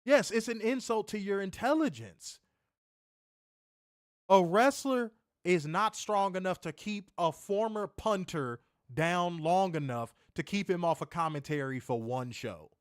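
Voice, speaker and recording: A man's voice: high-pitched, measured pace, no echo, clean studio sound. A man co-hosting a wrestling review show, ranting in an exasperated, profane, mocking way. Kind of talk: ranting casual review chat.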